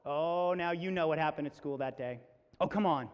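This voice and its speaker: A man's voice: a little high, moderate pace, muffled recording. A man in his forties telling comic stories to students at a school assembly, acting out voices. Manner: animated, acts out voices, comic. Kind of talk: storytelling talk to students. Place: school hall. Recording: echoey hall.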